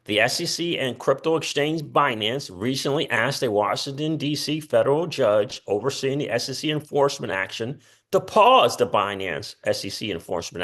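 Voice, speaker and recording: A man's voice: mid-range voice, a bit bright. Chatty man reading crypto news. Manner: chatty, reads quotes aloud with asides. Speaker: crypto channel host. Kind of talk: casual commentary reading news posts.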